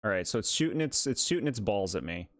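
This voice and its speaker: A man's voice: lowish voice, big pitch swings, fast talker, dry recording, clean studio sound. A man streaming a game, chatting casually, exasperated and sarcastic, laughing often. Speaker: gaming streamer. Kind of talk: casual live commentary.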